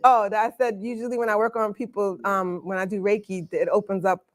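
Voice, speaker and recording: A woman teaching a live workshop, chatty and relaxed, slipping into casual slang as she guides the group. Her voice sits at a middle pitch. The sound is dry and close, with little room echo. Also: brisk. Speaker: Reiki coach leading a workshop.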